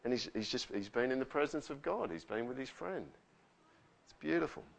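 A man's voice: mid-range voice, expressive, fairly quick, creaky, slight background noise. A man preaching a conversational sermon, often asking the listeners questions. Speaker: pastor.

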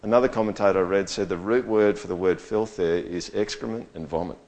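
A male pastor preaches a sermon conversationally, often checking in with his listeners. He swings between quiet, low stretches and loud, high bursts, keeping a brisk pace.

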